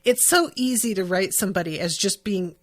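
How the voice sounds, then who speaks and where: A woman's voice: medium pitch, brisk. Woman, podcast host, casual, chatty, swears freely, reads passages aloud. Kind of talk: casual book recap and reading.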